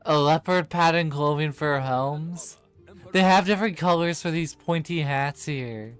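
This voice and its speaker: A man's voice: fairly high pitch, a little slow, smooth, faint music behind. A man in casual gaming chat, rambling and laughing, with many fillers as he plays. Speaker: game streamer.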